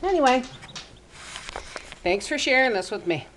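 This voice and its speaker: A woman on a home vlog, cooing baby talk at newly hatched chicks between plain, unhurried remarks to her viewers. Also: high-pitched, big pitch swings, a bit bright, a little hiss or hum.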